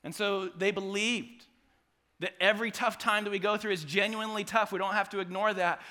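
Male pastor preaching a sermon; bright, slightly high voice, shifts between hushed and loud. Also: steady tone, a little fast. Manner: dynamic preaching, drops to soft quiet passages and rises to loud acted quotes.

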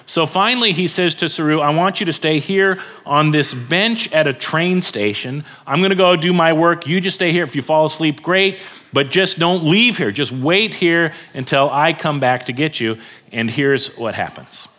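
Man, middle-aged, pastor, sermon, earnest storytelling, emphatic pauses. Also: on the high side, bright, forceful tone.

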